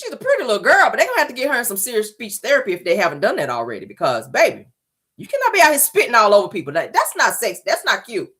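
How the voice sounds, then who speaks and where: A woman with a slightly high, husky voice speaks quickly as she vlogs casual celebrity gossip from a parked car, captured by a phone or dashboard microphone. Her take is sassy and animated, full of mocking impressions.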